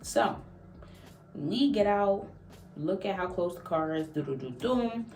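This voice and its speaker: A woman's voice: on the low side, animated, unhurried, darkish tone, faint music behind. A young woman vlogger telling a casual story, acting out quotes and laughing often. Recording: echoey room, mic at a distance.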